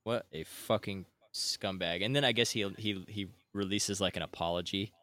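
Low-voiced man ranting, swearing nonstop. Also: moderate pace, sharp tone, dry recording. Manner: profane, ranting, swears constantly. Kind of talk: casual gaming chat.

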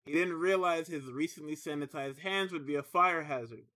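A man's voice: on the high side, normal speed, pushed and bright. A young man in casual group chat, reading news items aloud between jokes and swearing. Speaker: podcast co-host reading news stories.

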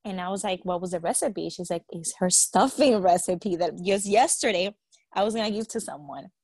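Casting: woman, chatty storyteller, mid pitch, dry close mic. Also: moderate pace, husky, no room sound. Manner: animated storyteller, quotes others, swears, laughs. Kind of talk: casual storytelling chat.

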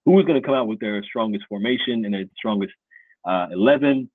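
A man with a lowish, husky voice hosts a loose football podcast. He talks in a playful, hype-man way, and the sound comes through thin and phone-like with no room echo. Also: a little fast. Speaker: podcast host. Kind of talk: casual sports podcast chat.

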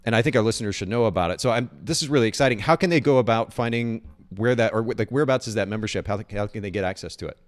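A man hosting a podcast, chatting enthusiastically and often restarting his sentences. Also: on the low side. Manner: fast, enthusiastic, repeats words and restarts. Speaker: podcast host. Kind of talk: casual interview chat.

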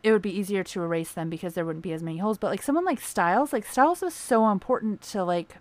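A woman's voice: mid-range voice, animated, fast talker, no echo. A young woman chatting casually, rambling with lots of fillers and swearing freely as she gushes like a fan. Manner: gushing fan enthusiasm. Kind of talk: casual chat.

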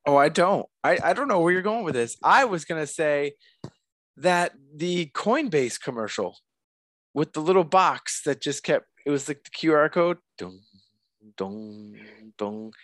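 A man's voice: a little high, normal speed, dry recording, clean studio sound. A man co-hosting a podcast in casual, chatty conversation. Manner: animated, chatty. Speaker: podcast co-host. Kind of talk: casual chat.

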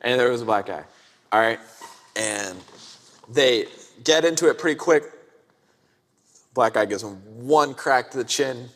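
A man's voice: medium pitch, unhurried, long pauses, long reverb tail. A young man co-hosting a podcast, telling stories casually with lots of slang and acting out what people said. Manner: animated, slangy, acts out quotes. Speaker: podcast co-host. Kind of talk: casual storytelling chat.

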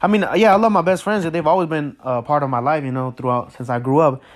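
A man's voice: a little high, fairly even intonation, fast. A man hosting his own podcast, talking casually and straight to his listeners, rambling with lots of fillers and restarts. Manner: friendly, talks straight to listeners. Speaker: podcast host. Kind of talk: casual solo podcast intro.

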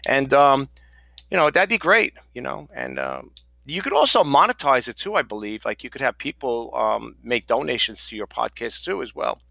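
Gravelly, bright-voiced male podcaster. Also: mid-range voice, big pitch swings, moderate pace, dry recording. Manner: rambling, chatty and self-deprecating. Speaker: podcast host. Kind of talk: casual solo podcast talk.

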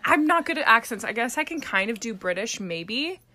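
High, lively young woman teasing slowly. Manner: playful, teasing, laughs often. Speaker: podcast co-host. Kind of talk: casual chat. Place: home room with an air purifier.

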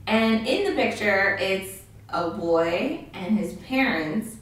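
A woman's voice: mid-range voice, lively intonation, slow pace, a bit bright, far from the mic. A woman chatting casually with a co-host about a horror film, laughing and filling her talk with likes and ums. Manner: chatty, laughing, many fillers and acted-out quotes. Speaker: podcast co-host. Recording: very echoey room, off mic.

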